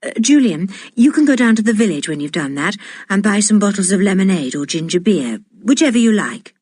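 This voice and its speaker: A woman's voice: medium pitch, very animated, brisk, darkish tone, breathy edge, no room sound. A woman reading aloud, voicing a middle-aged mother who speaks with mild reproach. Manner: mildly reproachful.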